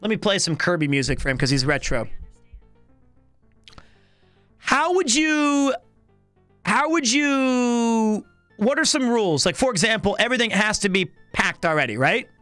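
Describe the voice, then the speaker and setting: High-voiced animated male streamer. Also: moderate pace, no echo, soft background music. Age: 30s. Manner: animated, rambling, with many restarts. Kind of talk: casual live-stream chat.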